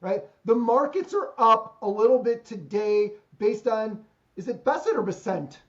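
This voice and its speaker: A man's voice: high-pitched, unhurried. A man hosting a podcast over a video call, chatting and joking about deals and markets. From Ohio, USA. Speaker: podcast host. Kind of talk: casual business chat. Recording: slightly dull lo-fi call audio.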